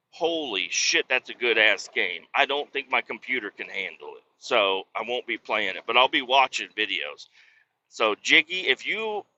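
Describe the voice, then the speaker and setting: A man with a very bright, forceful voice hosts a casual podcast from a car on a bumpy road. He rambles and jokes, breaking into loud rants, and the sound is a bit dull and lo-fi. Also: medium pitch. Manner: rambling, joking, rants with bursts of shouting. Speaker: podcast host. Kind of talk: casual solo podcast talk. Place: moving vehicle on a bumpy road.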